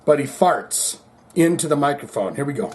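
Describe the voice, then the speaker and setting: A man giving crude, jokey, animated play-by-play commentary on a concert clip. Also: a little high, normal speed. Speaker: video commentator. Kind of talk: excited video commentary. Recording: loud background noise.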